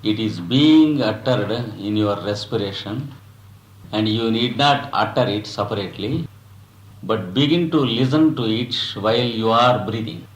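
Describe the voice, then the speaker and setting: A man guiding a breathing practice as a yoga teacher, speaking in slow, measured phrases with long pauses between them. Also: fairly low pitch, roomy sound, poor audio. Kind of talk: guided breathing instruction.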